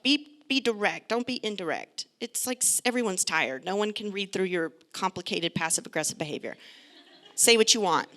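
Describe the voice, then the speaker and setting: A middle-aged woman, a pediatrician, giving a lively, joking and direct talk to parents. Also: mid-range voice, moderate pace. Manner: chatty, direct, joking asides.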